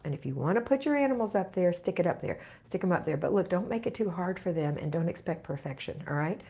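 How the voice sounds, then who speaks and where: On a live question-and-answer stream, a middle-aged home organizing host reads out viewers' comments and responds with friendly encouragement. She speaks a little fast in a warm, expressive voice that sits on the low side.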